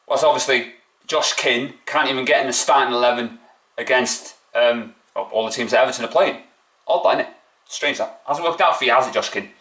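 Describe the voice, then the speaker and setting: Male fan vlogger, indignant and mocking, mid-pitched, echoey room. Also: fairly bright tone. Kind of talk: opinionated fan rant.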